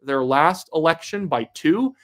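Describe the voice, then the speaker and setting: Young male host from Canada, slightly high voice, upbeat live commentary reading viewer comments. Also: animated, measured pace. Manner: reads viewer comments aloud, chatty and upbeat. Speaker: livestream host.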